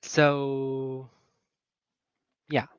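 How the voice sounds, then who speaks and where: A man's voice: mid-range voice, completely flat delivery, drawn-out words, smooth, dry recording, lo-fi sound. A man coaching online teachers in a casual livestream chat, talking earnestly with many fillers and laughs.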